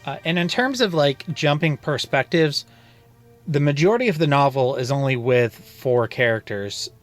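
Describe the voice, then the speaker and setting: A man's voice: a little high, moderate pace, soft background music. A man co-hosting a casual book club podcast, hesitant and repeating words as he talks. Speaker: podcast co-host.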